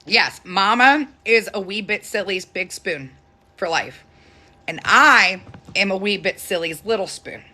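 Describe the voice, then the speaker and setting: A chatty woman hosts a casual live stream from her phone at home. Her voice has a bright, forward tone, and she laughs often between stories. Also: mid-range voice, animated, unhurried. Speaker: TikTok live host. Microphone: phone camera.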